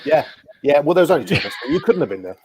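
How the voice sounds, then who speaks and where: A man's voice: on the high side, very animated, racing, a little mellow, slightly rough, no echo. A man hosting a casual video call chat, telling a rambling anecdote with self-deprecating asides. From Guernsey. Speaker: podcast host.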